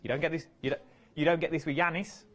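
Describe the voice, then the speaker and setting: A man's voice: a little high, fast, noisy background. A man presenting crafts on a live TV shopping channel, chatty and playful. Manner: chatty, playful, lively banter. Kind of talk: live TV sales chat. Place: TV studio.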